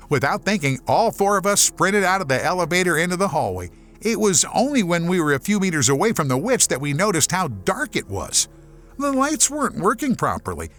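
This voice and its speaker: A man from Germany narrating a horror audiobook as a scripted, expressive storyteller. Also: on the high side.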